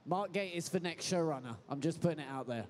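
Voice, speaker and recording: A man on a convention panel, joking playfully in lively banter. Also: fairly high pitch, fast talker, big-room sound, slight background noise. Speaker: panel guest. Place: convention hall panel stage.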